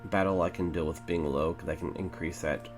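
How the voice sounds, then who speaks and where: Deep-voiced rambling gamer man. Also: steady tone, a little fast, music in the background, poor audio. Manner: rambling, filler-heavy, self-correcting. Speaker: let's play host. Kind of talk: casual gameplay commentary.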